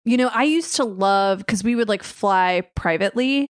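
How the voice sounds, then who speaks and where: A woman's voice: medium pitch, normal speed, clean tone, no room sound, studio quality. A woman in her thirties hosting a podcast, chatting and agreeing in an easy, talkative way. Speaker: podcast host, former chief of staff. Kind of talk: casual podcast interview.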